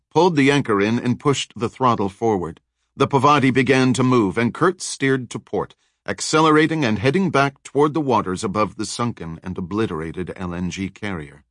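A man narrating a thriller audiobook in a measured, dramatic storytelling manner. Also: mid-range voice, fairly bright tone, no room sound, studio quality.

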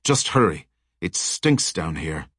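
A man voicing a harried male chauffeur who reports trouble in a hurried, apologetic way. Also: sits low, big pitch swings, a bit bright, husky, no room sound, studio quality, full character voice.

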